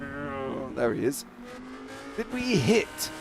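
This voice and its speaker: An English man commentating sim races, excitable and teasing, shouting at drivers. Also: medium pitch, slow pace, creaky, noisy background. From England. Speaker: race commentator.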